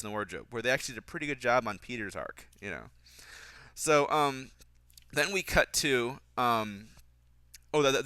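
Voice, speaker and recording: A man with a pushed, bright voice and no room sound offers casual film commentary. He criticizes the script and mocks its lines, switching to a higher voice to imitate the dialogue.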